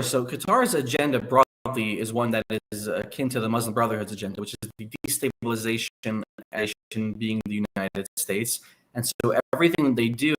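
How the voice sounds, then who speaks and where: A man speaking as a guest analyst on a podcast, explaining at length in a measured way. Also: on the low side, a bit bright, a little hiss or hum, rough recording. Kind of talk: conversational podcast interview.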